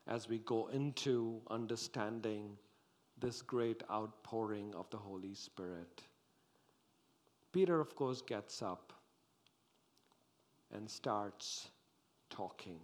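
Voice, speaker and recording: Slow, dramatic male preacher. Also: medium pitch. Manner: slow, dramatic preaching that swings from loud to hushed. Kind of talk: sermon.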